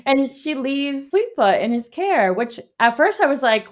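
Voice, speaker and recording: A woman co-hosting a book club podcast, reading a plot summary and then chatting in an animated way, laughing and swearing. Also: high-pitched, unhurried. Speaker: podcast co-host. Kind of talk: read summary and casual book chat.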